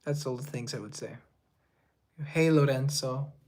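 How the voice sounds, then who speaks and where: A man's voice: medium pitch, a little slow, a little mellow. A young man from Colombia chatting casually on a live stream, reading viewer comments and rambling in a self-deprecating way. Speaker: livestreamer and musician.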